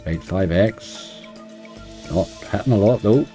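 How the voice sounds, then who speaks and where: Man, Northern Irish accent, middle-aged, dark mellow voice, chatty muttering commentary, faint music behind. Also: lowish voice, slow. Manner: chatty, muttering at the game, dry grumbling. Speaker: online slots streamer. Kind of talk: casual live-stream commentary.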